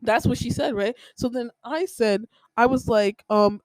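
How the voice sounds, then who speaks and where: A woman's voice: a little high, measured pace, hardly any pauses, darkish tone, dry recording, poor audio. Young woman ranting on a podcast. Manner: rambling, heated, lots of filler words. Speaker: podcast host. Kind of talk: casual personal storytelling.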